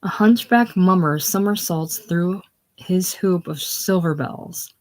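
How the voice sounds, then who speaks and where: A woman's voice: deep voice, a little mellow. A woman casually reading a play aloud, reading the stage directions plainly. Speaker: reader.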